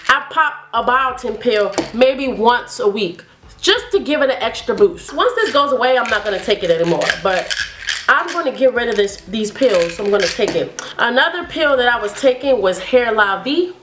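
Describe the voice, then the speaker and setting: A woman's voice: on the high side, expressive, normal speed, a bit bright, reverberant, slight background noise. A woman vlogging about hair care in a chatty, upbeat and encouraging way. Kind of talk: casual vlog talk to camera.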